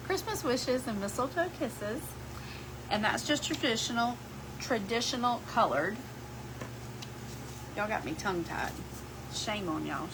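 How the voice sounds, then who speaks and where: A middle-aged woman, chatting casually with her live-stream viewers as she shows her crafts. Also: a little high. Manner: chatty, talks to viewers as y'all. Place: home craft workshop. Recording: clear background hum.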